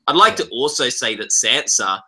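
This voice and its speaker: A man on a casual recap panel, retelling scenes in an animated way with lots of restarts. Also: mid-range voice, normal speed, slightly rough. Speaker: entertainment writer on a recap panel.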